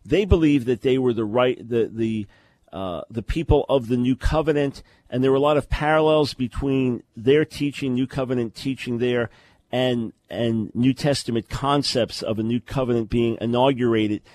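A man's voice: mid-range voice, normal speed, a little mellow. A man hosting a call-in radio talk show, explaining religious questions in a lecturing way with sarcastic asides.

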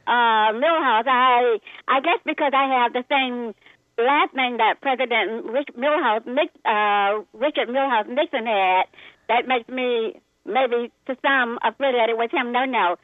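A woman's voice: fairly high pitch, measured pace, no echo. A woman with an Asian accent calling in to a radio show, polite, earnest and emphatic. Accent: Asian-sounding. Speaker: caller. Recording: tinny phone line.

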